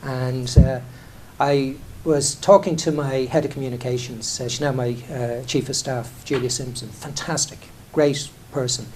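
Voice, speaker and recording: Middle-aged Irish man, executive; candid anecdotal delivery, mid-pitched, faint noise underneath. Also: fairly even intonation, normal speed, hardly any pauses, darkish tone. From Ireland. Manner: conversational, self-deprecating, frequent restarts and "you know". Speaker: airline chief executive. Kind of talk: candid anecdotal talk on stage.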